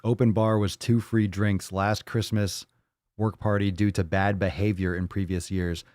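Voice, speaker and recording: A man's voice: on the low side, flat delivery, moderate pace, darkish tone, no echo, clean studio sound. A man hosting a casual livestream, talking bluntly and rambling, swearing freely as he reads and answers viewer comments. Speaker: livestream host.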